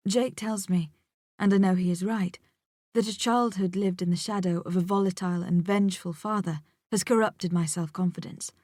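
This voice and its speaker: A woman's voice: medium pitch, a little mellow, dry recording, clean studio sound. Woman reading a reflective audiobook. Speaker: audiobook narrator. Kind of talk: first-person audiobook narration.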